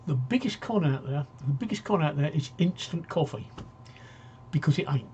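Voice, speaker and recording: A man's voice: on the high side, animated, normal speed, warm tone, lo-fi sound, a little hiss or hum. A man hosting a casual live-stream talk show, rambling and joking as he reads out viewer comments.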